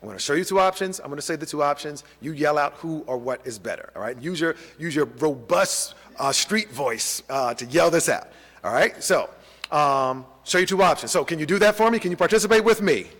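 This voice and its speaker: A middle-aged male college professor from New York City leads an interactive bias training in a large hall with a live audience. His fairly high voice moves fairly quickly, energetic and engaging, with frequent "okay?" and "right?" check-ins, and the recording has long hall reverb.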